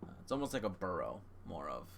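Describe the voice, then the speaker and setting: A man narrating as game master of a tabletop game, halting with frequent fillers. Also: low voice, sing-song, vocal fry, a little hiss or hum.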